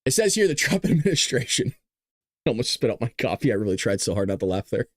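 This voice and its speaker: A man's voice: medium pitch, sing-song, fast, no room sound, studio quality. A middle-aged man hosting a political talk show, talking casually with sarcastic, jokey asides.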